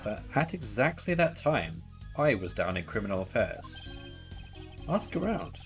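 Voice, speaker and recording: A man's voice: mid-range voice, sing-song, a little slow, faint music behind. A man reading the lines of a smug, evasive male suspect in a game, in a taunting, self-satisfied manner.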